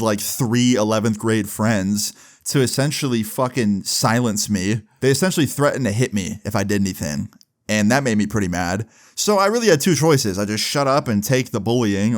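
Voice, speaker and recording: A young man talking casually to the camera, telling a storytime in a loose, profane style full of "like" and "bro". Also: fairly low pitch. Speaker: vlogger.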